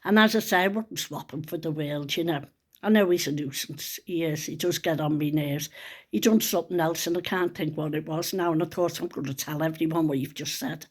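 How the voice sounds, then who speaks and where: A middle-aged woman vlogger chats casually to the camera, telling a personal story in a rambling, earnest way. Her voice is low-pitched and she talks a little fast.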